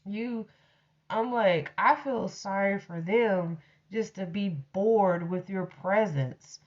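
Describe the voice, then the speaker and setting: A woman talks through a personal story at an unhurried, drawn-out pace, blunt and freely profane. Her voice comes through a dull, lo-fi recording with muffled highs. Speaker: storyteller host. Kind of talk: casual storytelling monologue.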